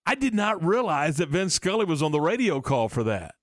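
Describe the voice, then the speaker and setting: A man's voice: fairly high pitch, big pitch swings, brisk, a bit bright, no room sound, studio quality. A man hosting a sports radio show, talking casually and rambling with frequent restarts. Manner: rambling, many restarts and fillers.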